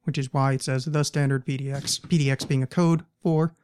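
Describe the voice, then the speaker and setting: A man's voice: mid-range voice, steady tone, brisk, a little mellow, clean tone. A man hosting his podcast, rambling through plugs and announcements with jokey asides. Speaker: podcast host. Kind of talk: casual podcast intro with plugs. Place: Portland, Oregon.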